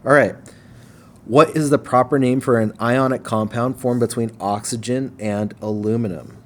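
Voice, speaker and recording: A man teaching a recorded chemistry lesson in a relaxed way, checking in with "okay?" often and slowing down to stress syllables. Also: mid-range voice, slight background noise.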